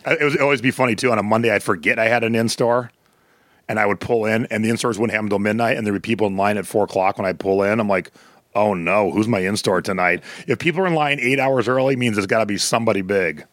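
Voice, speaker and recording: Middle-aged male podcast co-host, lowish voice, dry close sound, animated storyteller. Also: very fast, no echo. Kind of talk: casual chat.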